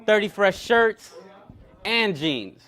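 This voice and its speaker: A man with a high-pitched voice preaches a sermon. He retells a scripture story with energy and acts out the characters' lines as he goes. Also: takes it slowly. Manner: animated, acts out quoted characters. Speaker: pastor.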